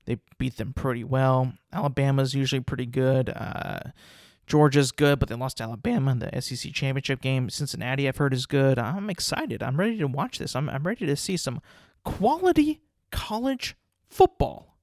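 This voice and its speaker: A man's voice: mid-range voice, fairly quick, dry recording, studio quality. A young man hosting a casual solo podcast, talking in a rambling, profane, incredulous way. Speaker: podcast host.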